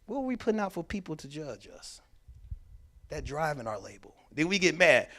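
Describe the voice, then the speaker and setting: A workshop speaker with a fairly high, slightly fast voice gives a mental health talk at a church. He is an animated storyteller, emphasizing points, repeating key words, and acting out the dialogue of the people in his stories.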